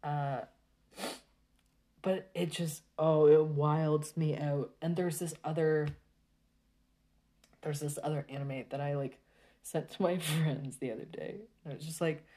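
A woman talking casually to her viewers in a rambling, exasperated rant full of halting restarts. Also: low-pitched, fairly even intonation, warm tone.

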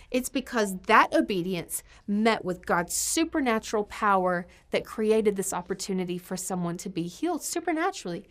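A woman preaching a sermon with passion, her voice surging to emphatic peaks and then dropping to hushed asides. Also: medium pitch.

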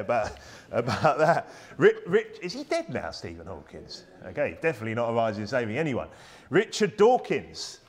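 A British man preaching a sermon in an emphatic, conversational way, full of rhetorical questions. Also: mid-range voice. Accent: British English. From United Kingdom.

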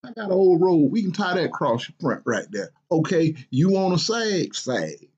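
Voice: mid-range voice, big pitch swings, moderate pace, darkish tone, husky, highs cut off. A performer playing a stern, hardworking father who scolds his grown son with sarcasm in a comedy skit. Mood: mocking. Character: stern middle-aged working father.

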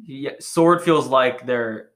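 Bright, laughing young man chatting. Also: mid-range voice, takes it slowly. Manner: profane, laughing, filler-heavy. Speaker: podcast co-host. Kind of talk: casual chat.

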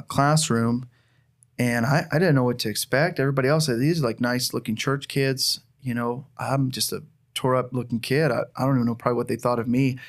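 A church planter, an earnest man with a medium-pitched voice, shares a heartfelt personal testimony in conversation. He tells his story sincerely, restarting his sentences often.

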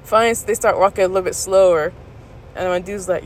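A woman vlogger casually recounting a story to her viewers, candid and laughing, jumping into high squeals when she quotes herself. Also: fairly quick, a little hiss or hum, low-quality recording. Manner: animated retelling, jumps to high squeals when quoting herself.

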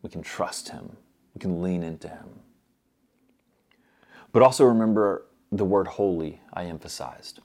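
Earnest low-voiced male preacher. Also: unhurried, gravelly, long pauses. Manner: earnest, swings from loud urgency to soft hush. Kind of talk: sermon.

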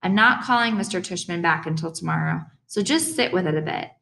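A woman reading an audiobook voices a patient mother gently coaxing her son. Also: lowish voice, brisk, creaky. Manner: coaxing, reasonable.

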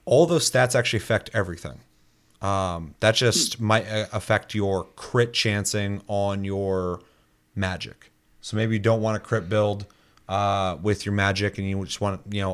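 A man in casual chat, loose and profane, rambling with lots of fillers and quick mimicked asides. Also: lowish voice, fairly bright tone, clear, resonant tone.

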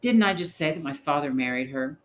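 A man's voice: on the high side, expressive, a little fast, a bit bright, a little hiss or hum. A man reading an audiobook voices a bossy, resentful young girl who talks in a scornful, demanding way.

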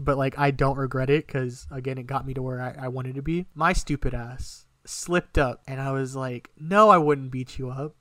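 A young man casually telling a personal story on a podcast, animated and emotional, swearing often. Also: medium pitch, moderate pace, few pauses, no room sound, clean studio sound. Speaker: podcast co-host.

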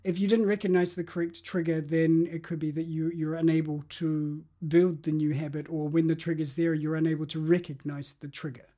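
A man's voice: on the high side, little pitch movement, a little fast, hardly any pauses, mellow. A man talking through how to change habits in an interview, reflective and explanatory, often restarting his sentences. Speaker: guest.

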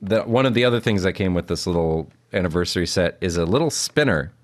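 A young man riffs through a casual movie commentary, rambling and giggling as he goes. His voice sits low but swings widely in pitch, so it never settles into a drone. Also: lively intonation, fast. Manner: rambling, giggly, lots of fillers. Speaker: podcast co-host. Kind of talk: casual film commentary chat.

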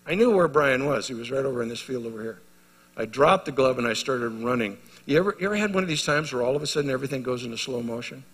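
A man's voice: medium pitch, fast talker, husky. Male pastor preaching in a big echoey hall. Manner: storytelling, swinging from hushed to loud and emphatic. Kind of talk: sermon. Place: church hall. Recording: reverberant church hall.

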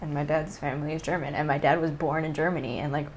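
A woman's voice: sits low, steady tone, fast, slight background noise. A woman co-hosting and editing a podcast, chatting casually, laughing often and swearing offhandedly. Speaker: podcast co-host and editor. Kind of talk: casual chat.

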